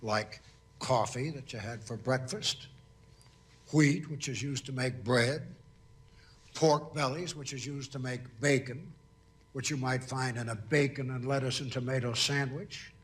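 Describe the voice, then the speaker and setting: An actor playing a stiff older commodities broker in a film clip, explaining slowly and condescendingly. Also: male voice, medium pitch, a little hiss or hum, natural voice. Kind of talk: film dialogue.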